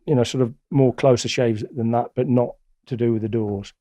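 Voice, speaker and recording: A middle-aged man, a guest telling stories in a blunt, colloquial, animated way. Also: medium pitch, normal speed, no room sound, studio quality. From England. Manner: blunt, colloquial, animated retelling with acted-out quotes. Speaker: interview guest. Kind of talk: casual storytelling.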